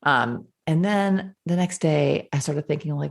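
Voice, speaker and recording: Low-voiced woman telling her story frankly. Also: measured pace, creaky, few pauses. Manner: frank and animated, acting out her past self in quotes. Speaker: podcast guest. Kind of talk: candid conversational storytelling.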